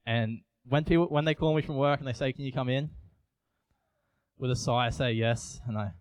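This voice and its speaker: A man's voice: medium pitch, fairly quick, clear, resonant tone, no echo. A young man, giving an earnest, confessional sermon with frequent restarts. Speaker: youth preacher. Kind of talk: personal sermon.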